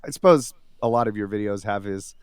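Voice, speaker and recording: Laid-back guy guesting on a podcast, low smooth voice, dry sound. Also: a little fast, darkish tone, no echo. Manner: easygoing storytelling with fillers. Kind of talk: casual podcast chat.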